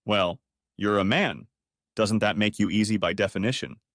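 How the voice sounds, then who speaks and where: A man's voice: lowish voice, normal speed, fairly bright tone, no room sound, studio quality. A man voicing a sly, teasing wife. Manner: coy, teasing delivery.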